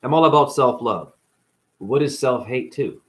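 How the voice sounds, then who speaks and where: A man's voice: mid-range voice, moderate pace. Blunt, profane man ranting in pain. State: in chronic pain. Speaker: live-stream vlogger. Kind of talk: raw unscripted monologue.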